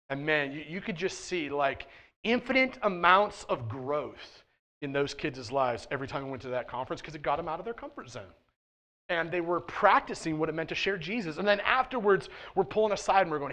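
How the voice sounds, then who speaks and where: Conversational pastor preaching a sermon. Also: male voice, on the high side, brisk. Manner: conversational, often checking in with "right?"; swings between quiet asides and loud emphatic points. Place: church sanctuary.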